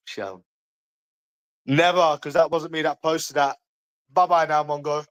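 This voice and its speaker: A man's voice: on the high side, steady tone, measured pace, long pauses, a bit bright, smooth, low-quality recording. A man with a London accent chatting casually to viewers on a livestream, blunt and mocking, swearing often.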